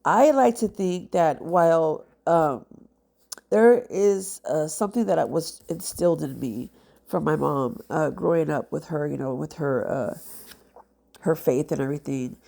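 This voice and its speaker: Low gravelly heartfelt woman. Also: a little slow, dark tone. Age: adult with children. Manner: rambling, heartfelt, many fillers. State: congested. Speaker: nail artist vlogger. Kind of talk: casual talk to camera.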